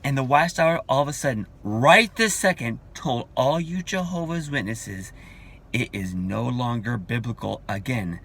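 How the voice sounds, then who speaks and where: A man's voice: medium pitch, animated, normal speed, gravelly, fairly bright tone. A man in his forties ranting in a vlog, emphatic and combative, repeating his points. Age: 40s. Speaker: vlogger.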